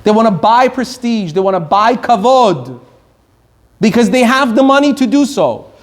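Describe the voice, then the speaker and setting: A middle-aged rabbi from Iran giving a Torah lecture in a fairly high man's voice. He leans hard on key phrases and draws them out, then hurries through his side remarks. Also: animated. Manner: emphatic, slows down on key words and speeds through asides.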